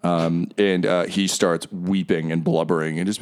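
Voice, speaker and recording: A man narrating as game master, halting and full of fillers. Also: low-pitched, gravelly, a little mellow.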